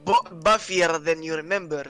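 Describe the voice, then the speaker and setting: A man's voice: fairly high pitch, normal speed, pushed and bright, soft background music. A chatty man talking in character as a player at a tabletop game, often stumbling over his words.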